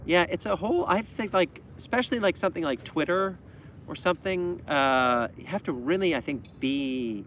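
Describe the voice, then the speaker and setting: A man's voice: fairly high pitch, expressive, moderate pace, fairly bright tone, a little hiss or hum. A Canadian man co-hosting a casual livestream chat, easygoing and rambling, reading out viewer questions. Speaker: livestream co-host.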